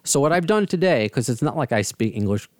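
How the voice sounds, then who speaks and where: A man's voice: mid-range voice, expressive, brisk, no echo, studio quality. A man from the United States hosting a casual interview, rambling and self-deprecating. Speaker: host. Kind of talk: casual video-call interview.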